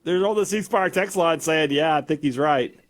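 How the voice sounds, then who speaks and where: A man's voice: on the high side, normal speed. A man co-hosting sports talk radio in casual banter, arguing playfully with frequent stammered restarts.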